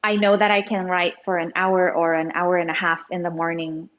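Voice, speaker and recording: A woman's voice: fairly low pitch, level tone, brisk, lo-fi sound. A woman in her thirties, an author guest chatting casually in an interview, giggly and full of fillers.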